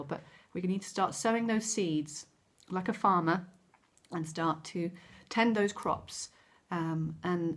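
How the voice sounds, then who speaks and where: A woman giving a gentle, encouraging weekly card reading, with frequent ums and self-corrections. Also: fairly low pitch. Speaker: tarot card reader.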